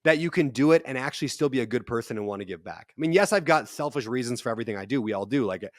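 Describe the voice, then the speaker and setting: Talking very fast in a mid-range voice, this podcast guest, a real estate investor in his thirties, spins animated stories in casual conversation and acts out whoever he quotes. The studio sound is clean, without room sound.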